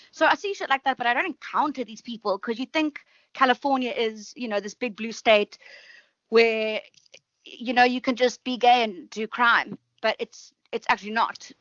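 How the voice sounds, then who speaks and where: A woman's voice: fairly high pitch, normal speed, fairly bright tone, no echo, muffled recording. A woman musician guest telling blunt, profane stories in casual chat.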